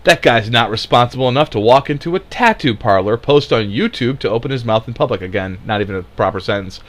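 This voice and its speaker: A man rants through sarcastic political commentary, mocking his targets and swearing freely. His voice sits in an ordinary middle pitch. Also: fast talker, a bit bright.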